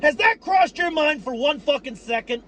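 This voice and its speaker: A man giving profane, worked-up fan commentary on his team, repeating himself and breaking into shouts. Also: very high-pitched, expressive, moderate pace, slight background noise. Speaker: sports fan vlogger.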